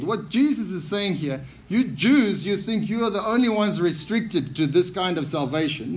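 A man's voice: sits high, animated, moderate pace, few pauses. A man preaching a sermon, emphatic and often repeating key phrases for stress.

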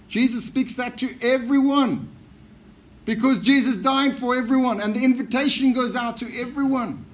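A man preaching a sermon, emphatic and often repeating key phrases for stress. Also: sits high.

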